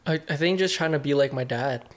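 A man's voice: mid-range voice, fast talker. A young man talking openly as a podcast guest, reflective and casual, with lots of filler words and some swearing. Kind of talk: candid conversation.

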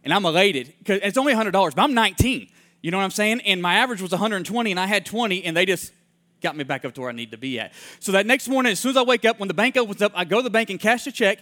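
A man preaching in a storytelling way. He acts out the people he quotes, and his voice drops soft and hushed in heartfelt moments. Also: high-pitched, animated, rapid-fire. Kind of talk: sermon storytelling.

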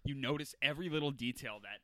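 A man's voice: medium pitch, fast, sharp tone, dry recording. A young man co-hosting a podcast, blunt and opinionated in a laid-back casual chat. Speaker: podcast co-host.

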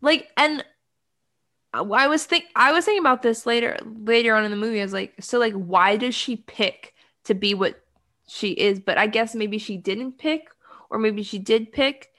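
A woman's voice: fairly high pitch, pushed and bright. A woman co-hosting a casual podcast, recapping a film in a rambling, wry way, full of "like" fillers. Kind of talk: casual chat.

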